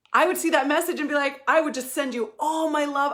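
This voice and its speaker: A woman in her thirties talks straight to her followers as a life and money coach. Her voice sits a little high. She is emphatic, swears freely and breaks into laughter now and then. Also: fairly even intonation, fast, few pauses, fairly bright tone. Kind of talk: casual motivational monologue.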